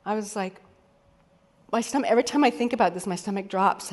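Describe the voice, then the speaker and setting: A woman's voice: medium pitch, a little fast, long pauses, a little mellow. Woman, keynote speaker, candid, conversational, mid-range voice, long hall reverb. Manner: candid, conversational, casually swearing. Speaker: keynote speaker and executive coach. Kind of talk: motivational keynote talk.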